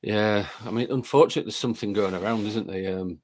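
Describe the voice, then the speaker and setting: A man's voice: fairly low pitch, fast. A man hosting a live stream, chatting casually and greeting viewers by name while reading their comments aloud, with a lingering chest cold.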